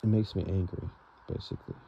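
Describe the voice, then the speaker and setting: A man's voice: sits low, fairly even intonation, fast, creaky. A young man venting in a rambling, frustrated vlog monologue, full of fillers and "bro". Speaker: vlogger. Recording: dull lo-fi sound with faint noise.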